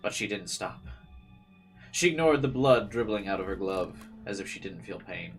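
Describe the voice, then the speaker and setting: A man's voice: deep voice, expressive, normal speed, faint music behind. A man hosting a let's play, reading a visual novel's narration aloud and breaking in with dry joking asides.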